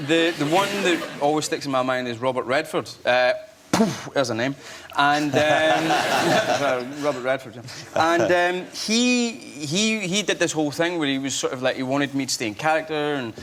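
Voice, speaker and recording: A man with a Scottish accent, a guest actor chatting in a lively, joking way with restarts. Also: fairly high pitch, moderate pace, background noise. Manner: animated, jokey, rambling with restarts. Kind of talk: chat show interview. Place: TV studio.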